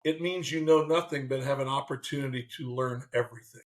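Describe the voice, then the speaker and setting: A man's voice: medium pitch, fairly quick, voice pushed down, lightly acted. A man doing an earnest young boy in karate class. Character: young boy proudly showing his karate belt.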